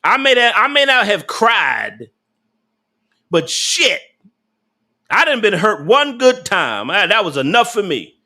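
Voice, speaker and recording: A man's voice: high-pitched, sing-song, slow pace, pauses often, sharp tone. A young adult man, casually ranting on a live stream, blunt and profane, laughing often and talking back to his chat.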